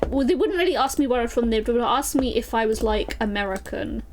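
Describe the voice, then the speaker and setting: A young woman from London with a softened London accent, chatting casually to her live chat while playing a puzzle game. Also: a little high, lively intonation, a little fast, music in the background, rough recording. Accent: London English, softened. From London, England. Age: young adult. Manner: chatty, rambling, talks to chat by name. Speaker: streamer.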